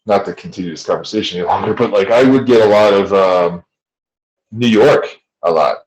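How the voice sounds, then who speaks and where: A man's voice: on the low side, fairly quick, darkish tone. A man hosting a casual podcast chat, telling blunt, swearing stories in a neutral American accent. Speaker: podcast host. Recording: roomy echo.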